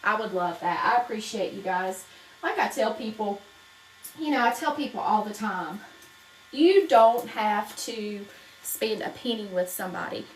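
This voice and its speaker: A woman's voice: medium pitch, expressive, unhurried, a little hiss or hum, poor audio. A woman from North Carolina with a Southern accent, chatting casually while teaching wreath making on a live stream and greeting viewers by name. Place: home craft room.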